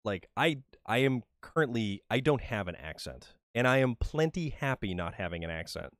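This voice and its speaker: A man's voice: medium pitch, big pitch swings, normal speed, a bit bright, no room sound, clean studio sound. A man from New England giving casual, joking commentary on his gameplay during a livestream, often repeating words as he starts a sentence. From New England, USA. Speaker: livestream gamer.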